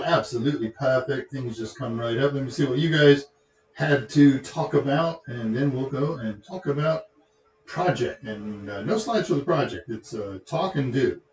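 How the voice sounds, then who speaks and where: Chatty Texan man in an echoey room. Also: mid-range voice. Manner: rambling, joking asides. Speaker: tech show host. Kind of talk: casual livestream chat.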